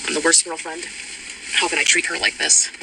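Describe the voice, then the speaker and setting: Hesitant woman on a fast voice note. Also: sits low, level tone, creaky. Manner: hesitant, many ums and restarts. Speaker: person recounting events in a voice note. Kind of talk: unscripted personal account. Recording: voice note with loud background noise.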